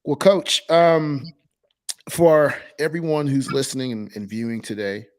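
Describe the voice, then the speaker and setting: A man hosting a podcast interview, enthusiastic and talking in halting bursts with fillers and restarts. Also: mid-range voice, steady tone, clean tone. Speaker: podcast host. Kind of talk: casual interview.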